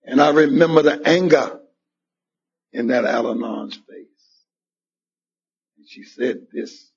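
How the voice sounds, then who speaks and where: A man gives his testimony at a recovery meeting in a slow, unhurried way. His voice is gravelly and very husky, and it sits a little high for a man. He acts out the voices of people in his story, and the recording is a dull, lo-fi meeting tape. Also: animated. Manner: storytelling with acted-out quoted dialogue. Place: meeting hall.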